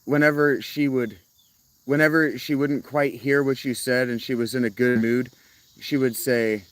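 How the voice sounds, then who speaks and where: A man's voice: medium pitch, steady tone, normal speed, fairly bright tone. A man chatting casually to his live-stream viewers, rambling, restarting sentences and laughing often. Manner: rambling, self-interrupting, laughs a lot. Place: outdoors, rural, crickets.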